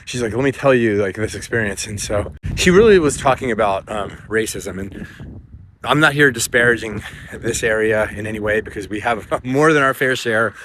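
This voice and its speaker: A middle-aged man from the United States tells a story in a loose, digressive way, full of fillers and side remarks. His voice sits a little low. He is recorded outdoors, with a faint wind in the background. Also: normal speed, bright, forceful tone. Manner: rambling, digressive, with frequent fillers and asides. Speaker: vlogger. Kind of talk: casual storytelling vlog. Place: outdoors in a windy town. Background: faint wind noise.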